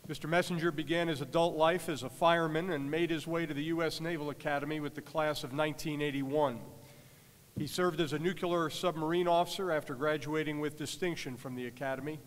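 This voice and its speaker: A man's voice: a little high, fairly even intonation, a little fast. A man moderating a conference panel, formally introducing the next panelist. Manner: formal, reads out bios. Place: large conference hall. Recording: long hall reverb.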